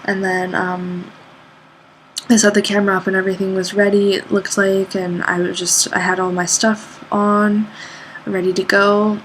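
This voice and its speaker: A young woman, an art student, recounting her day in a loose, rambling way, full of "like" fillers, jumping up high in pitch whenever she quotes someone. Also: flat delivery, moderate pace, a little hiss or hum, poor audio. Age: young adult. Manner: rambling, lots of "like" fillers, acts out quoted people with sudden high pitch jumps. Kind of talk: casual spoken recollection.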